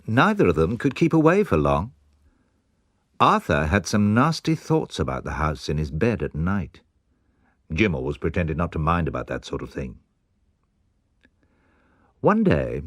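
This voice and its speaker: A man narrating a children's storybook in an expressive, measured way. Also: rumbling low, no room sound. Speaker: audiobook narrator.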